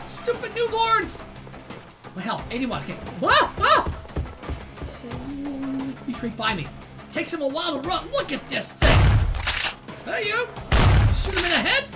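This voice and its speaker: A woman hosting a let's play, reacting with excited yelps and exclamations to a shooter game. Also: high-pitched, a little slow, pauses often. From Canada. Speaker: gaming channel host. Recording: loud game music and gunfire behind.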